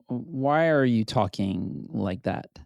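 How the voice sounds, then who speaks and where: An American man, a pastor, talking in a hesitant, deadpan way with many restarts. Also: medium pitch, slow pace, gravelly, no echo, lo-fi sound. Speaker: pastor, co-host. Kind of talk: casual chat.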